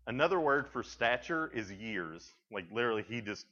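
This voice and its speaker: A man's voice: mid-range voice, expressive, fairly quick, few pauses, pushed and bright. A young man giving a casual youth sermon, chatty and loose, full of fillers, acting out the people he quotes. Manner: chatty, full of "like" and "you know", acts out quotes. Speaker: youth pastor. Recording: dull lo-fi podcast recording.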